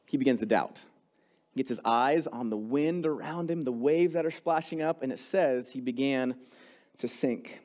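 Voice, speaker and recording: A young adult man preaching a sermon, telling a story in a casual, animated way that builds in intensity. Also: mid-range voice, moderate pace. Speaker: pastor.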